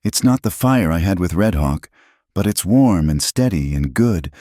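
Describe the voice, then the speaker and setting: A man's voice: deep voice, animated, normal speed, warm tone, no room sound, clean studio sound. A man voicing a proud, determined frontier woman who speaks firmly and defiantly in a storybook tale. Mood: tender. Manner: firm, defiant.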